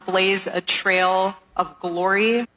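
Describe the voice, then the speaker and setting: A woman's voice: medium pitch, fairly even intonation, slow, pushed and bright, poor audio. A woman giving a motivational speech to an audience, exhorting and preachy in tone.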